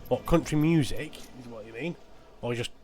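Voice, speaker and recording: A man's voice: mid-range voice, normal speed. Punning Yorkshire man streaming a game. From England. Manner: rambling and pun-loving, with sudden excited yelps. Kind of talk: casual live gameplay commentary.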